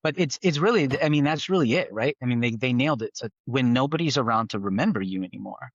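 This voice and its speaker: A man's voice: mid-range voice, expressive, quick pace, dry recording, highs cut off. A man from the East Bay of California, a tech founder talking casually on a podcast, rambling with frequent restarts and "right?" tags.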